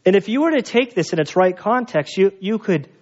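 A man's voice: high-pitched, animated, fairly quick, darkish tone, lo-fi sound. A man preaching a sermon as a pastor, talking in a casual, conversational storytelling way with fillers.

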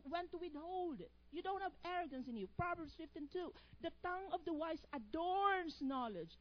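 A woman's voice: high voice, dull audio. A woman preaching a sermon. She reads proverbs aloud, then stops to quiz the congregation on the missing words, with playful, teasing asides.

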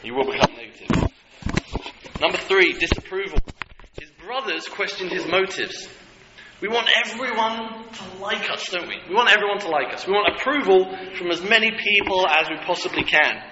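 A man preaching a sermon, animated and humorous, with asides to the congregation. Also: sits high, normal speed. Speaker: pastor. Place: church hall. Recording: echoey hall with dull lo-fi sound and clear noise.

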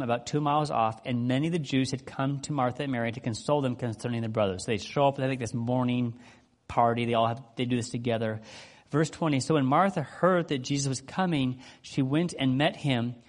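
A man preaching a casual, conversational sermon, acting out the people in the story as he goes. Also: mid-range voice. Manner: conversational, animated, acts out quotes. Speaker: pastor.

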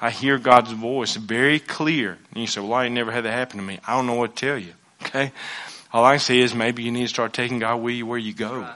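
Male preacher, folksy and rambling, bright voice. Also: mid-range voice, fairly even intonation, fast talker. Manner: folksy storytelling, dialect, repeated restarts. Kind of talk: sermon with personal hunting story.

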